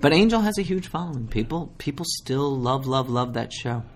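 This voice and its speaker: Animated, self-deprecating man from Minnesota. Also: mid-range voice, normal speed. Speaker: actor guest. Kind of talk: casual interview chat.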